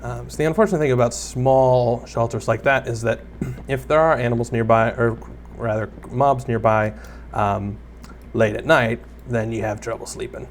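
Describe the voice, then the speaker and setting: A man's voice: mid-range voice, steady tone, moderate pace, hardly any pauses, a little hiss or hum. A young man giving casual Let's Play commentary, rambling and self-deprecating as he chats to viewers and the creatures on screen. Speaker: gaming YouTuber.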